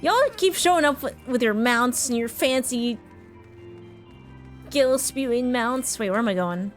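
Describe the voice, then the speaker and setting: A woman's voice: on the high side, measured pace, faint music behind. Playful woman streaming a game. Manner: playful, self-mocking asides. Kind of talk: casual gameplay commentary.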